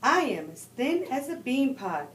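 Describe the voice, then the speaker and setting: A woman's voice: high-pitched, sing-song, measured pace, a bit bright, voice pushed up, exaggerated voice. A woman doing a bleating little lamb. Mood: pleading. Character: clever little female ewe lamb.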